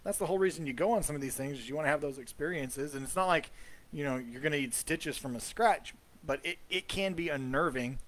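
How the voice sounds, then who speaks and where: A man with a somewhat high voice hosts a laid-back live commentary, talking over ghost-hunt footage. He chats loosely and trails off with ums and uhs. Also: fast, a bit bright. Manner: chatty, trailing off with fillers. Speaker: host.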